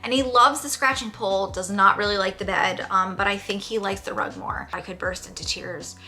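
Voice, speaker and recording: Young woman, bright crisp voice, gushy home vlogger, self-aware drama, faint music behind. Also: mid-range voice, fairly even intonation, a little fast. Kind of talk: casual vlog talk to camera. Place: home bedroom, indoors.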